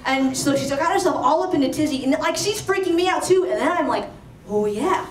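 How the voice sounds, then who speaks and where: A woman telling a true story at a live storytelling event, chatty and animated with lots of "like.". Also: sits high, fast, slight background noise. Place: storytelling stage before an audience. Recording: roomy, distant live-stage mic.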